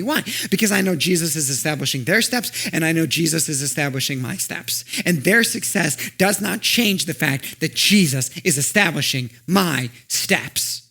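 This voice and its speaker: A man pastor preaching a sermon, swinging from loud, emphatic urging to soft, intimate asides. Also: on the high side, lively intonation, moderate pace, creaky, hardly any pauses, slightly rough.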